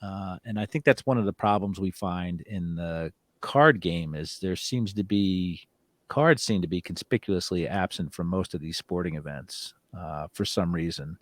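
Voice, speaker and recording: A man's voice: low-pitched, normal speed, no room sound, studio quality. A man hosting a casual podcast about sports and collecting, hedging with fillers and tossing in rhetorical questions. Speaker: podcast host. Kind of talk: casual sports and hobby chat.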